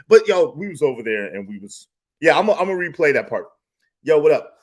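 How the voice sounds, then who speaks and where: A man on a panel discussion, recounting a moment in an animated way with plenty of slang. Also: high-pitched, a little fast.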